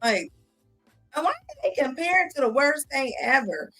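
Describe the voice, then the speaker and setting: A woman's voice: high voice, sing-song, moderate pace, a bit bright, faint music behind. Blunt, mocking woman streamer. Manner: blunt, mocking, laughs often. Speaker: commentary streamer. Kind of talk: casual reaction commentary.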